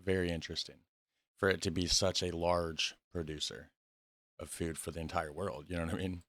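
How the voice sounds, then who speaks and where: A man's voice: low-pitched, level tone, a little fast, a bit bright, no room sound, clean studio sound. A young man from Indiana, hosting a reaction video in loose, rambling casual talk, recorded on a phone camera in a small room. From Indiana, USA. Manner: rambling, loose, with fillers and restarts.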